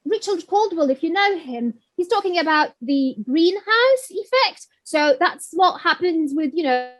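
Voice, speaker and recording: A woman presenting an online webinar for teachers, explaining with many fillers and lively demonstrations. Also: very high-pitched, a little slow. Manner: animated, sings and mimics animal sounds to demonstrate. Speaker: teacher trainer.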